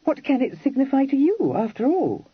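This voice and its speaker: A man's voice: very high-pitched, huge pitch swings, normal speed, dry recording, voice pushed up, heavily acted. A man voicing an earnest, impulsive young Regency lady who talks in a breathless, pleading way in an audiobook. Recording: dry, dull lo-fi recording.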